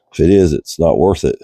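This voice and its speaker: A stuffed-up man with a Virginian accent, his voice sitting very low and dark as he talks his way through a reel repair with a cold. He rambles in a relaxed, thinking-aloud way with plenty of fillers. The sound is close and dry. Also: creaky, no room sound. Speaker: reel repair channel host. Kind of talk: casual workshop narration. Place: cold garage workshop.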